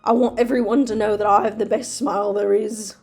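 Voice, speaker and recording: A woman's voice: mid-range voice, flat delivery, fairly quick, vocal fry, a little mellow. A woman reading aloud and voicing a brooding young male killer from a fan story in an exaggerated, put-on British accent, melodramatic and overwrought. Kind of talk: comedic dramatic reading.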